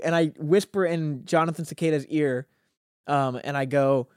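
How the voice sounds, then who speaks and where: A man's voice: on the high side, steady tone, unhurried, pauses often, clean tone. Young man telling a rambling story. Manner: rambling, laughs often, restarts sentences. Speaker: guest. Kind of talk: casual storytelling chat.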